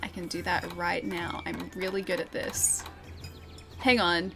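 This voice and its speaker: A woman's voice: lowish voice, level tone, unhurried, vocal fry, music in the background. A young woman live-streaming a game, chatting with her viewers in a giggly, teasing way. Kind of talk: live-streamed gameplay chat.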